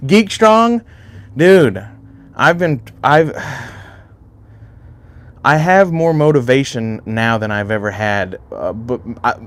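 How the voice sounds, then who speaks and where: A man's voice: medium pitch, expressive, slow, pauses often. Rambling, profane livestream guy. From Alaska. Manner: rambling and heavily profane, chatting directly to viewers. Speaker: livestream host. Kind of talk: casual livestream chat with viewers.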